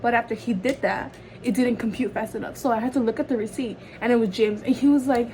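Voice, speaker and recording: A woman's voice: fairly high pitch, fast talker, rough recording. A teenage girl doing her makeup at home while telling a rambling, chatty story full of fillers, as a get-ready-with-me vlog. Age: teens. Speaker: vlogger. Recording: steady background noise.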